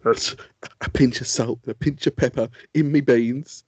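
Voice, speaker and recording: A man's voice: medium pitch, steady tone, normal speed, a little mellow, slightly rough, no echo. A man co-hosting a casual comedy podcast, ranting and swearing with frequent giggles. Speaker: co-host. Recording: dull lo-fi, dry sound.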